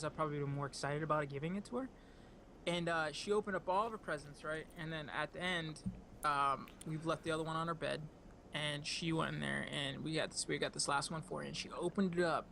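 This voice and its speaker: A man with a fairly high but gravelly voice, recounting a family moment with friends over an online call. He speaks haltingly, with many pauses and restarts. A faint hiss sits under the call audio. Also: steady tone. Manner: warm, halting storytelling. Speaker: podcast co-host, parent. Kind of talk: casual chat over a call. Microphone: online call headset or desk mic.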